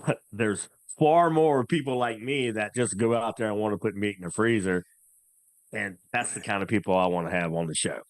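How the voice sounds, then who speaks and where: A man's voice: lowish voice, no room sound. Man with a Southern twang, dry close sound. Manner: laid-back, halting, repeats words. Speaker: former co-host, now hunting podcaster. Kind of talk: casual chat.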